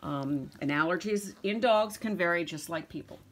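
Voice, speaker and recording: A woman's voice: lowish voice, moderate pace, a bit bright. A middle-aged woman breeder chatting casually in a vlog, rambling and cooing at her puppies. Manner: chatty, rambling, coos at puppies in baby talk. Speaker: dog breeder. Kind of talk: casual vlog narration to camera.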